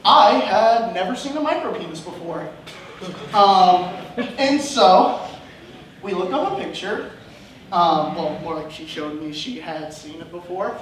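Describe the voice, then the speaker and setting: A man's voice: high voice, expressive, measured pace. A young man doing open mic stand-up, rambling and self-deprecating, often laughing at his own jokes. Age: young adult. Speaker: stand-up comedian. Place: comedy club stage. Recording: echoey room from far off, faint noise.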